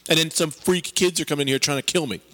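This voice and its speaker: A man's voice: fairly high pitch, quick pace, bright, forceful tone, big-room sound. A man co-hosting a podcast, joking around in an exasperated, casual banter. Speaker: podcast co-host.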